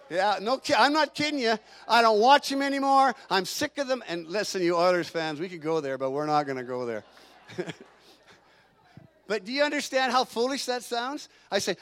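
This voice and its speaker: A middle-aged man preaching a sermon in an animated way, sometimes acting out the voices of the people he quotes. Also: sits high, normal speed. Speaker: pastor.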